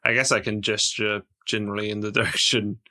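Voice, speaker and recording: A man's voice: on the low side, level tone, fairly quick, bright, forceful tone. A man playing a friendly adventurer who rambles and hesitates in a tabletop game. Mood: flustered. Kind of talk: tabletop role-play voice.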